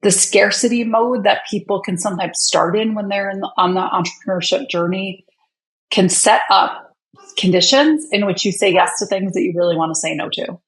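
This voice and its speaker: A woman's voice: medium pitch, normal speed, poor audio. A woman guest on a podcast interview, talking thoughtfully about boundaries with a coach's choice of words. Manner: thoughtful, coaching-style phrasing. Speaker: author and guest. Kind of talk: reflective conversational interview.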